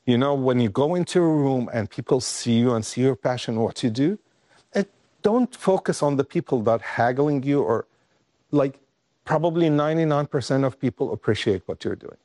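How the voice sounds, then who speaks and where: A male guest, not an English speaker, recounting a personal story with halting restarts, his voice rising when he is moved. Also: medium pitch, animated, dark tone, no room sound, clean studio sound.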